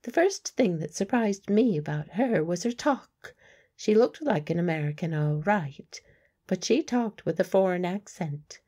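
A woman's voice: on the low side, lively intonation, measured pace, mellow, husky. A woman playing a blunt working-class medium. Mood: guarded.

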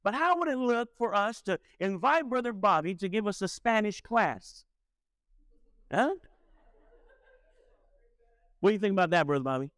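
A man's voice: high-pitched, expressive, moderate pace, long pauses, a bit bright, no room sound, studio quality. A man delivering a sermon as pastor, preaching emphatically and asking the congregation rhetorical questions.

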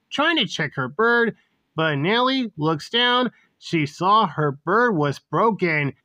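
Woman reading out her own school story, slow, kinda bumpy wording, bright close dry sound. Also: medium pitch, no room sound. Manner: plain, unpolished, ungrammatical. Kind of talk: amateur story narration.

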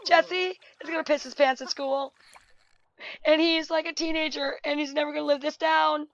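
A woman casually commenting on a life-sim game, excitable, laughing and shouting at the screen. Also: high voice, moderate pace, dry recording, lo-fi sound. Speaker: gameplay video host.

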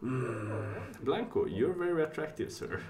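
Excitable streamer. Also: male voice, medium pitch, measured pace. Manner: excitable, thinks aloud, reads chat. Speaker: casino streamer. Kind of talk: live-stream commentary.

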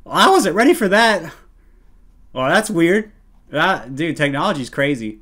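A man's voice: a little high, big pitch swings, unhurried. Playful, hyped-up male streamer. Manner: playful, bursts into loud hype yelling. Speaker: streamer reacting to a video. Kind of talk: live stream reaction commentary.

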